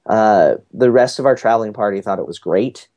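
A man's voice: fairly low pitch, normal speed, warm tone, muffled recording. A man, chatting casually and rambling through a family story with many fillers. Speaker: podcast guest recounting a family cruise. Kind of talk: casual chat.

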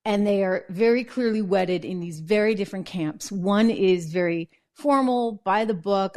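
A woman hosting a political commentary show, telling stories in a chatty, animated way. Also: medium pitch, moderate pace, hardly any pauses. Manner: chatty, animated storytelling with laughs. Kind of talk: casual news commentary.

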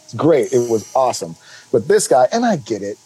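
A middle-aged man co-hosting a podcast, telling stories in an animated, rambling way full of restarts. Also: mid-range voice, fairly quick, slightly rough, low-quality recording. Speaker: podcast co-host. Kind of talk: casual chat.

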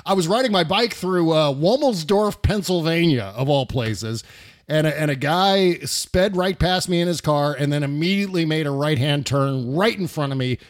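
A man's voice: a little high, expressive, normal speed, no echo. A middle-aged man hosting a podcast interview, chatty, laughing often and leaning on fillers. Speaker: podcast host. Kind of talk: casual interview chat.

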